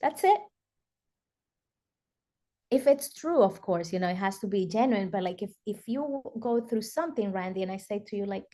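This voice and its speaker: A woman's voice: medium pitch, animated, normal speed, long pauses, warm tone. A woman guest in an interview, telling a personal story earnestly with frequent fillers like "you know" and "like". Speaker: summit guest speaker.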